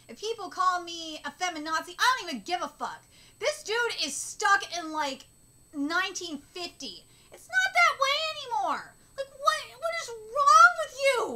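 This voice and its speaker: A woman's voice: extremely high pitch, pushed and bright. A woman ranting indignantly and swearing in a live reaction to a manga chapter.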